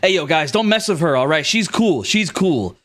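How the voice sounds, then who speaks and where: A man voicing a cocky, friendly young male bandit who talks in excited street slang. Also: fairly high pitch, normal speed. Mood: grateful.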